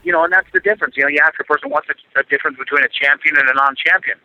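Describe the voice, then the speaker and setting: Over a tinny, dry phone line, a middle-aged man with a slightly high voice answers interview questions rapid-fire. He's a former Olympic wrestler talking earnestly and casually, with lots of fillers and repeated words.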